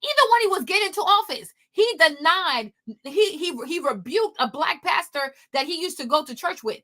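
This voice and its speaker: A woman's voice: extremely high pitch, lively intonation, normal speed, bright, forceful tone. A woman giving opinionated commentary from home, emphatic and repetitive, firing off rhetorical questions. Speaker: commentary vlogger.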